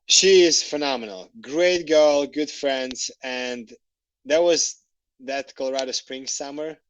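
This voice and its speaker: A man, a podcast guest, telling stories in a casual, animated way, laughing and swearing freely. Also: mid-range voice, takes it slowly, clear, resonant tone, low-quality recording. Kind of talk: casual storytelling. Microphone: podcast microphone.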